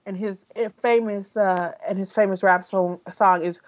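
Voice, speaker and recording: A woman's voice: medium pitch, fairly even intonation, moderate pace, muffled recording. A woman hosting a podcast in casual talk, speaking bluntly with frequent swearing, fillers and restarts. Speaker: podcast host.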